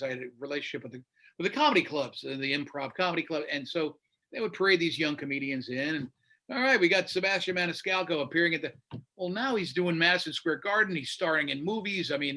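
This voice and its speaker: A man's voice: fairly high pitch, bright, forceful tone. A man in his fifties, a radio host being interviewed, talking bluntly and with animation in casual chat. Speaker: radio show host, guest.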